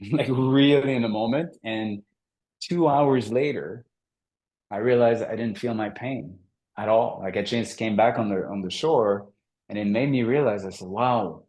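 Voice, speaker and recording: A man, a coach and podcast guest, telling a story in a conversational interview and acting out the quoted dialogue. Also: mid-range voice. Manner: animated, acts out quoted dialogue.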